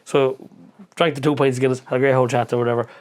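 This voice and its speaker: A man from the Irish midlands with an Irish accent, a podcast guest telling stories in a casual, animated way, acting out other voices and swearing freely. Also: medium pitch, very fast. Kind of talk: casual storytelling interview.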